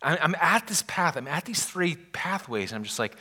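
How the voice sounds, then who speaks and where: A man's voice: fairly high pitch, normal speed, slightly rough. A man pastor preaching a sermon in a conversational, storytelling way. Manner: conversational preaching with animated, exasperated retellings.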